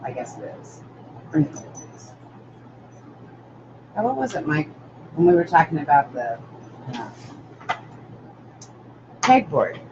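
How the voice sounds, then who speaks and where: A woman's voice: low voice, slow pace, long pauses. An older woman hosting a live-stream craft tutorial, rambling chattily and greeting viewers by name as she works. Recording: dull lo-fi audio with steady noise.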